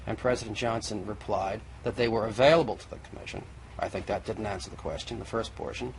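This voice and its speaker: A man's voice: lowish voice, fast talker, creaky. Insistent lawyerly man in old TV debate. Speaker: guest. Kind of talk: televised debate. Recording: faint noisy old TV recording.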